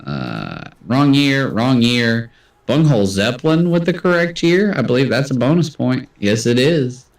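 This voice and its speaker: A man's voice: mid-range voice, sing-song, measured pace, reverberant, distant mic. A man hosting a casual livestream trivia game, chatty and self-deprecating as he reads out answers. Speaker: trivia host.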